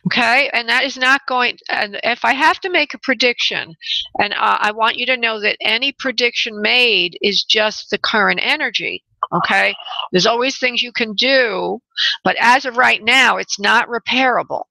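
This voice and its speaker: Gravelly New woman giving readings. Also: on the high side, moderate pace, sharp tone, no echo, poor audio. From New York. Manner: motherly, calls callers honey, direct and firm. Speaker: radio show host and spirit medium. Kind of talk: call-in radio reading.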